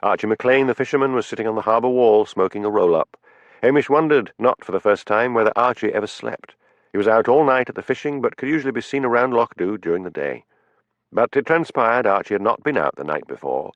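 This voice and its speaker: A man narrating a cozy mystery audiobook with expressive storytelling. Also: fairly low pitch, a little fast, no echo. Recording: dull, muffled studio audio.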